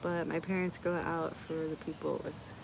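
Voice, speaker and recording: A woman's voice: deep voice, flat delivery, normal speed, background noise. A middle-aged woman hosting a casual live Q&A, chatty, blunt and joking as she reacts to comments from her viewers. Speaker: livestream host answering chat.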